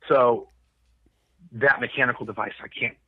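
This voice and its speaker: A Coast Guard veteran telling a rambling, profane story in casual conversation. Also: male voice, medium pitch, fairly even intonation, moderate pace, no room sound, phone-quality sound. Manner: rambling, profane, restarts often.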